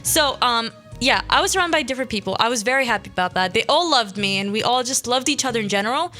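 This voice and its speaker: A woman's voice: fairly high pitch, expressive, pushed and bright, soft background music. A young woman from Syria, hosting a radio show and telling stories from her school days in a chatty way. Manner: chatty, quick asides and quoted voices. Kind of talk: casual storytelling monologue.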